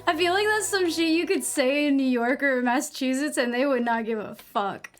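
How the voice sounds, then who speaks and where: A woman's voice: sits high, moderate pace, soft background music. A young woman with a New England accent chatting casually while gaming on a live stream, rambling, saying "like" a lot and swearing freely.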